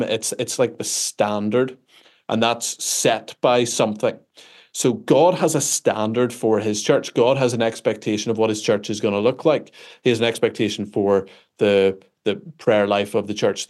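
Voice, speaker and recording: A Northern Irish man, an author answering interview questions in an animated, self-deprecating storytelling way, often restarting his sentences. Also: on the low side. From Northern Ireland. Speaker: author and guest.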